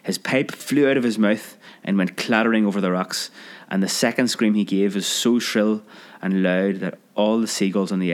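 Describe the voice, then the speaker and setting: A man narrating a children's story aloud in a lively, expressive reading. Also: fairly low pitch.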